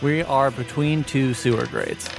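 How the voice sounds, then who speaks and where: A man's voice: mid-range voice, unhurried, vocal fry, over music. A man playing a tabletop game, making wry jokes in casual chat. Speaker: player.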